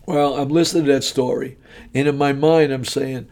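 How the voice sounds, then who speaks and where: A man preaching his personal testimony in a warm, mellow voice. He tells the story in an animated, folksy style, punching each beat like a seasoned storyteller before a congregation. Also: medium pitch, normal speed.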